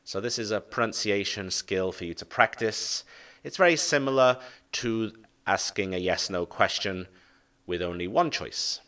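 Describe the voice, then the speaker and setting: Slow, lively-voiced male English teacher. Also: sits low, distant mic. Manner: slow, deliberate modeling of intonation. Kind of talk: online English lesson.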